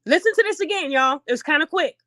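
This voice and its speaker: Through very noisy audio, a woman hosting a podcast talks at a quick pace in a high voice. Animated and casual, she speaks to her audience and acts out voices in her commentary.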